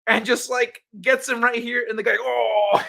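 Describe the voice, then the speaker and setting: A man hosts a late-night live stream in a relaxed, profane chat. He acts out funny stories with bursts of sound effects. His voice is high and bright. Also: normal speed, creaky. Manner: laid-back, profane, animated storytelling.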